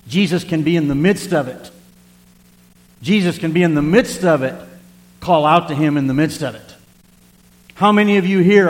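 A man's voice: a little high, in a large hall. A male pastor preaching a conversational sermon to his congregation, mixing Bible reading with self-deprecating asides. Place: church sanctuary.

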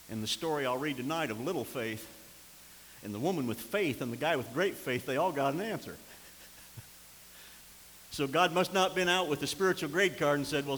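Older preacher with ringing hall echo. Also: male voice, fairly high pitch. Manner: impassioned, rising to near-shouts then dropping to quiet storytelling. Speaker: pastor. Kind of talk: sermon. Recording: long hall reverb with faint hiss.

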